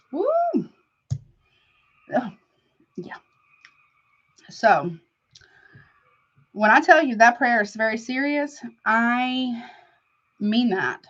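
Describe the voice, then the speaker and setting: A woman's voice: on the high side, lo-fi sound. A woman tarot reader chatting casually on a live stream, affectionate and talkative, calling her viewers honey.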